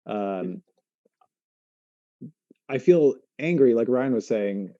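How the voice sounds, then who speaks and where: Male co-host, very dark warm tone, halting casual delivery, dull dry recording. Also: mid-range voice, animated, dry recording. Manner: halting, restarts often while working through feelings. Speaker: podcast co-host. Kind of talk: casual chat. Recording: muffled, dry.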